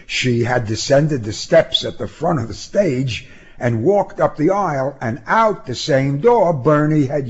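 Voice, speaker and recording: A man narrating a story in a measured, expressive way. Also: mid-range voice, husky, dull audio. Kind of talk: audiobook narration.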